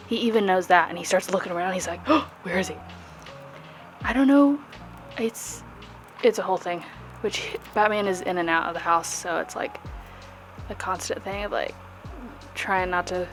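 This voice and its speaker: A young woman in casual voice-over as she paints, chatty and rambling, with jokey tangents. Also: medium pitch. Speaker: art vlogger.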